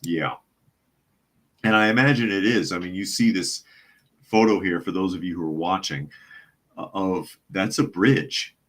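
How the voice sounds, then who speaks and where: Wry, low-voiced male podcast host. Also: fairly bright tone. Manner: wry, chuckling, skeptical. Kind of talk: live news chat podcast reading viewer comments.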